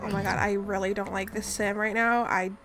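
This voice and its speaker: A woman's voice: medium pitch, level tone, a little fast. A woman hosting a gaming channel, giving casual gameplay commentary in a chatty, mock-exasperated way and scolding the characters on screen. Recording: voice over clear background music. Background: background music.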